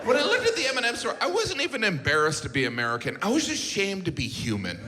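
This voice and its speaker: Male stand-up comic, fairly high voice, mock-indignant, live theater with laughter and noise. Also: wildly swooping pitch, fast talker. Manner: incredulous, mock-indignant delivery with acted asides. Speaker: stand-up comedian. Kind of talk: stand-up comedy routine. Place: large theater stage. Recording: reverberant theater with crowd laughter.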